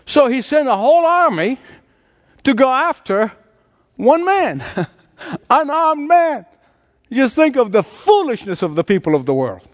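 A middle-aged man preaching a sermon, telling the story with animated energy and chuckling as he goes. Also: sits high, unhurried. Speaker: pastor.

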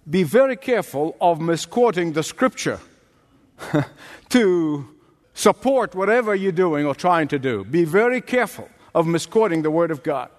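High-voiced preacher guy, super animated, big emphatic sermon, lots of hall echo. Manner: emphatic, dramatic, addresses the listeners directly. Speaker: pastor. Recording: long reverb in a large hall.

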